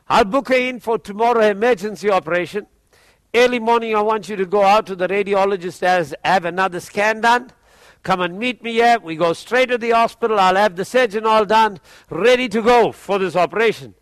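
A blunt, grave doctor delivers bad news in a flat, matter-of-fact way, as a man retells it in his own testimony. The voice sits a little lower than the teller's usual high tone, close and dry. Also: brisk, dry recording.

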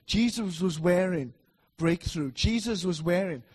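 A middle-aged man preaching a sermon in a church, emphatic and repetitive, swinging between loud declarations and soft asides. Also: high-pitched, a little slow, slightly rough.

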